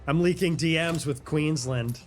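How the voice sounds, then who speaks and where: High-voiced young man ranting on stream. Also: faint music behind. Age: 20s. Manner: fast, animated, laughing asides. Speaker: livestreamer. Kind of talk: casual stream rant.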